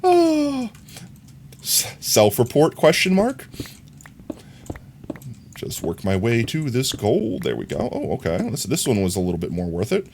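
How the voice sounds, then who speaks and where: Young male streamer, easygoing rambler who laughs easily, expressive up-and-down delivery. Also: mid-range voice, creaky, slight background noise. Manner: rambling, self-correcting, quick to laugh. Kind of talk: casual live-stream chat while gaming.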